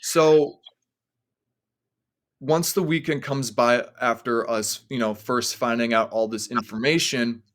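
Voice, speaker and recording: Rambling man telling a story, mid-pitched. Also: takes it slowly, fairly bright tone. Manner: rambling, heavy use of "like" fillers. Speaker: podcast guest. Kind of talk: casual storytelling.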